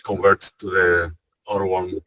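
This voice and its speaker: Male student, very low voice, slow and tentative, dry sound. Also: little pitch movement, fairly bright tone, dry recording.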